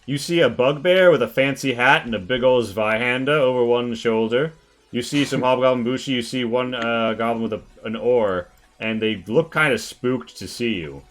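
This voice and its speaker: A man narrating a tabletop game as game master, casual and halting with many fillers. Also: medium pitch, fairly bright tone.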